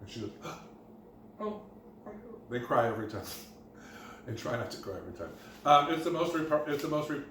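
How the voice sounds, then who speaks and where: A man's voice: mid-range voice, fairly bright tone. A middle-aged man, a florist and design teacher, chatting in a casual self-promoting vlog from his apartment kitchen, telling anecdotes with chuckles. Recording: roomy, distant, faint background hum.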